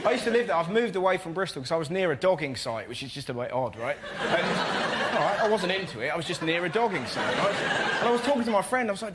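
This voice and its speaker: A man doing energetic stand-up on a panel show, breaking into loud impressions in front of a studio audience. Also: sits high, fast talker, heavy background noise. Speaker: comedian.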